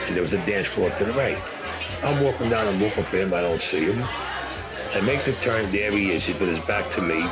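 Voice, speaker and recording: Blunt older New man, low voice. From Brooklyn, New York. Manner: blunt, profane, acts out other people's lines. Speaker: former mobster telling his story. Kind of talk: first-person storytelling.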